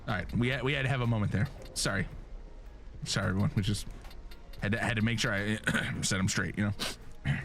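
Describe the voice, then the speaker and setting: A man's voice: lowish voice, fairly quick, long pauses, slight background noise. A man streaming a game live, chatting casually and jokingly straight to his viewers. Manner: animated, joking, talks straight to chat.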